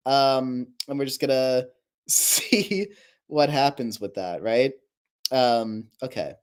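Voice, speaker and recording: A man's voice: medium pitch, takes it slowly, clear, resonant tone. A young man chatting casually on a livestream, rambling and laughing at himself, his throat a little sore. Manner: rambling, laughing, self-deprecating. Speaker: streamer.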